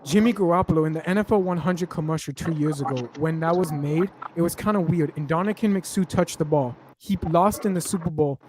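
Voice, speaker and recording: High-voiced man rambling about football. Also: fairly quick, few pauses, slight background noise. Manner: rambling, animated storytelling with slang. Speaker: podcast host. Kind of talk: casual sports chat.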